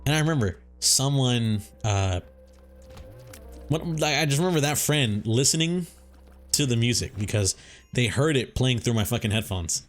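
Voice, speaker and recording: A young man tells a story while he plays a game, his voice rising and dipping all over. He talks in a relaxed, rambling way and swears often. Game music plays quietly behind him. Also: mid-range voice, normal speed. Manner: laid-back, rambling, swears a lot. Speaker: gaming YouTuber. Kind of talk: casual storytelling over gameplay.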